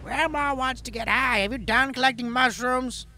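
Man doing a shrill crude old grandma. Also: moderate pace, sharp tone, a little hiss or hum, exaggerated voice. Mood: sweet-mocking. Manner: shrill falsetto, rude and blunt. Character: crude cranky old grandma who wants mushrooms. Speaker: gamer voicing a game character. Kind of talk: comedic character voice during a gameplay let's play.

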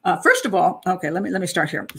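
A woman's voice: on the low side, big pitch swings, quick pace, sharp tone, slight background noise. A woman hosting a casual true crime commentary, talking in a chatty, digressive way, frank and opinionated, often laughing.

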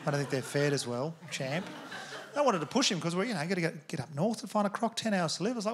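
A man's voice: a little high, lively intonation, fast, heavy background noise. A man with an Australian accent doing a stand-up comedy set, laid-back and laughing through his lines.

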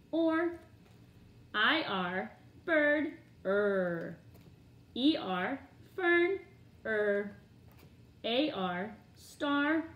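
A woman leading a phonics drill, naming each letter, a sample word and its sound with careful, deliberate enunciation. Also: on the high side, highs cut off. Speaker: phonics teacher. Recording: echoey room.

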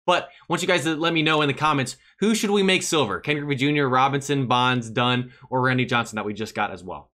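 A man casually narrating his mobile baseball game, talking to viewers and cheering loudly at big plays. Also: mid-range voice. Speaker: gaming channel host.

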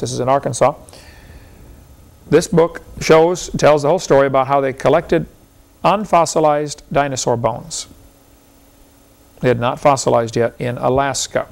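A man in a mid-range voice argues his points to a live seminar audience in a folksy way, peppering the lecture with rhetorical questions and regular chuckling.

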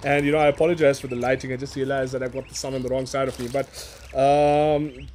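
A man in his thirties from Africa, gushing excitedly in a casual outdoor unboxing vlog, repeating words and laughing often. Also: medium pitch, fast, slight background noise. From South Africa. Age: 30s. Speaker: toy reviewer. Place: outdoors in a yard.

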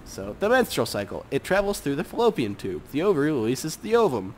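A man's voice: on the high side, very animated, a little fast, darkish tone, a little hiss or hum. A man giving casual gameplay commentary, muttering offhand remarks, humming, swearing and reading items aloud. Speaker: game commentator.

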